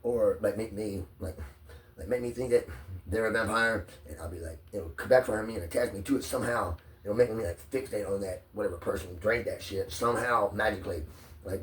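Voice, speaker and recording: A man's voice: lowish voice, far from the mic, slight background noise. A stressed man rambling profanely into his phone, drifting from one idea to the next. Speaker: vlogger.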